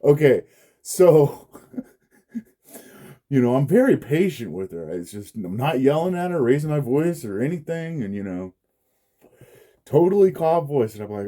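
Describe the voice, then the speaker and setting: Profane, dark-voiced man ranting. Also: mid-range voice, very animated, a little slow, pauses often. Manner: profane, frustrated, laughs often. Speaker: vlogger. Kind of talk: casual storytelling rant.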